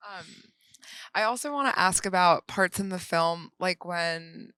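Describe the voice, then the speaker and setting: A woman's voice: on the low side, measured pace, bright, forceful tone, smooth, dry recording. A woman interviewing a director at a live Q&A, asking long, enthusiastic questions.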